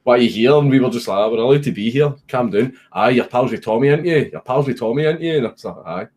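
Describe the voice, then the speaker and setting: A man's voice: mid-range voice, animated, fast, darkish tone. A young Scottish man, a streamer, casually telling a story with lots of swearing and laughing at his own punchlines.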